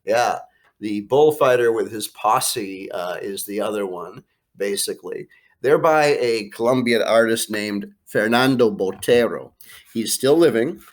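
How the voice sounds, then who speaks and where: Speaking in a fairly low voice without hurrying, an American Spanish teacher guides students through a worksheet on a screencast. His plain explanations are full of "uh" fillers and Spanish read aloud, and art prints hang behind him in what may be a home or classroom.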